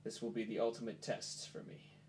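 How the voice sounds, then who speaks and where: A man voicing a proud, wounded male warrior who speaks in a low, grave, slow way, in a tabletop game. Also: little pitch movement, a little mellow, natural voice. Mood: stern.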